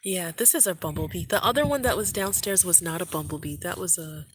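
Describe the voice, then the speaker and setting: Young woman vlogging on her phone, chatty, kinda low voice, lots of noise behind. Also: fairly quick. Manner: chatty, talks to viewers while doing chores. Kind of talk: casual home vlog. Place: home and yard on a military base. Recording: loud background noise.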